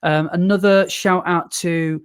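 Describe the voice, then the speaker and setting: A man's voice: high voice, fairly even intonation, unhurried, clear, resonant tone. A man from the UK co-hosting a running podcast, chatting casually with lots of fillers and restarts. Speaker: podcast co-host. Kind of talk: casual chat.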